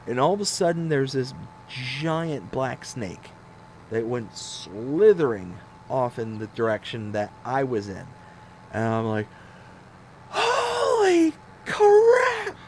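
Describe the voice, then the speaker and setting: A man in his thirties telling stories on a casual live game stream, animated and self-mocking. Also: medium pitch, a little slow, slight background noise.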